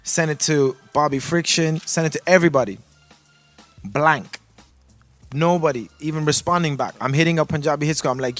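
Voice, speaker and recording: Animated man telling a story. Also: on the high side, brisk, dry recording. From Toronto, Canada. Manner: animated, profane, acts out quoted voices. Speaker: guest musician. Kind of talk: casual storytelling in a podcast chat.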